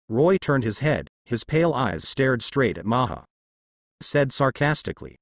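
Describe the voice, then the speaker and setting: A man narrating translated fan fiction as an audiobook, in a steady storytelling manner. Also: medium pitch, a little slow, no room sound, studio quality.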